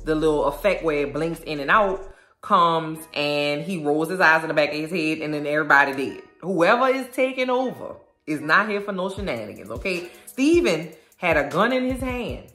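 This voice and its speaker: Low-voiced woman, slangy show recap. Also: moderate pace. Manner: animated and slangy, acts out the lines. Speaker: video host recapping a show episode. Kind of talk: casual recap chat. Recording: echoey room, faint music.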